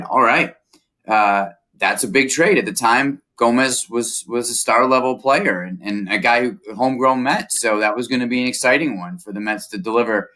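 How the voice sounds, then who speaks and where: A man's voice: lowish voice, a bit bright. A man working as a baseball reporter, recounting events in a casual conversation with a lot of detail and frequent "uh"s.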